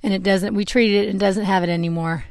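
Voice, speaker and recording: A young adult woman with a medium-pitched, steady, darkish voice chats fairly quickly while grooming her horse outdoors. The horse owner and vlogger rambles a little and laughs at her own slips, recorded on a clip-on mic with clean, echo-free sound.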